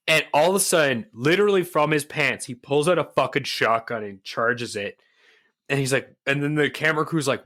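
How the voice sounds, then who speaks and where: A man co-hosting a podcast, retelling a film in a rambling, excitable way with lots of fillers. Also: mid-range voice, a little fast. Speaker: podcast co-host. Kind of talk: casual chat.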